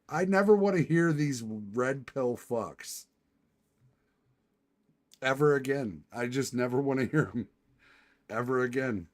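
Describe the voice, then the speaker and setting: Foul-mouthed streamer man, slow, swinging pitch. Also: expressive. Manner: profane, exasperated, laughing often. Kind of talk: casual reaction stream.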